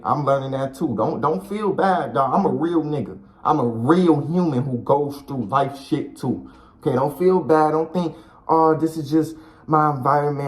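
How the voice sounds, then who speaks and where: A video creator with a medium-pitched voice gives a blunt, profane pep talk to camera, and the audio quality is poor. Slangy and repetitive, he calls the viewer bro and dog, offering life advice that's preachy yet encouraging.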